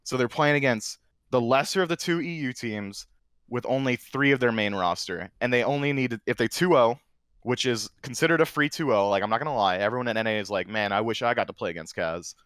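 A man guesting on a podcast, telling a competitive gaming story in a casual, animated way that gets loud and excited. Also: medium pitch, brisk, clean tone, no room sound, clean studio sound. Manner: excitable, animated storyteller who drifts into shouting. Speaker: guest, former console champion.

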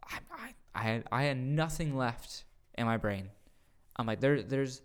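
A man, a youth pastor, telling a retreat story on a podcast in a casual, excited way, often repeating his words. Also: mid-range voice, measured pace.

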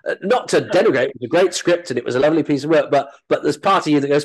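A man telling interview anecdotes in a lively, self-mocking way, his voice sitting at a middle pitch for a man. He talks like a working actor and comedian, quick to poke fun at himself as he tells his stories. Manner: animated, self-deprecating storytelling.

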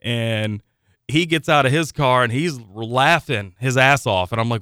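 A man, a radio producer, telling an animated story on air with acted-out quotes. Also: mid-range voice, normal speed, clear, resonant tone, no echo, studio quality. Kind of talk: casual radio banter.

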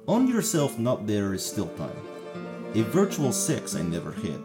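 A hammy, seductive spam-email lady with a thick put-on Russian accent, done by a man. Her broken English bounces up and down in pitch, and a soft thread of guitar music sits faintly behind her. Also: wildly swooping pitch, unhurried. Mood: mock-seductive.

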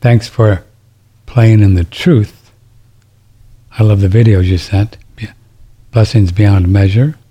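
Middle-aged male radio host, low husky voice, rambling and riled up, restarts a lot. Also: steady tone, takes it slowly, long pauses, warm tone. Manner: rambling, indignant, restarts sentences. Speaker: radio talk show host. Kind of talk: casual talk radio monologue.

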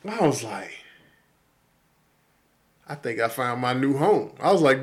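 In a casual podcast chat, this co-host tells a story in an unhurried mid-range voice broken by long pauses. He swears freely and animatedly acts out the characters' quoted lines.

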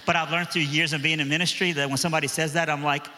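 Male preacher telling a story in a sermon, kinda high bright voice, big echoey church sound. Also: flat delivery, fast. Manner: storytelling, conversational with repeated word restarts. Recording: echoey hall.

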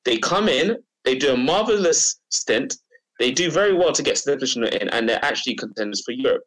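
Animated man telling a football story. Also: fairly high pitch, fast talker, poor audio. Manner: emphatic, repetitive, storytelling. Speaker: podcast panelist. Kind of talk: casual football chat.

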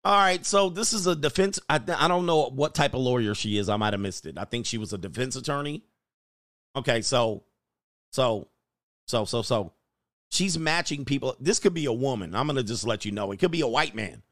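A man's voice: mid-range voice, lively intonation, a little fast, a bit bright, dry recording. Slangy middle-aged male commentator, dry sound. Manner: slangy, preachy, laughing asides. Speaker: host. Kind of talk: casual commentary.

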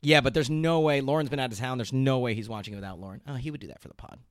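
A man's voice: mid-range voice, rapid-fire, dry recording, clean studio sound. A man co-hosting a podcast, recapping TV in casual, chatty talk with frequent laughs. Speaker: podcast co-host. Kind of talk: casual chat.

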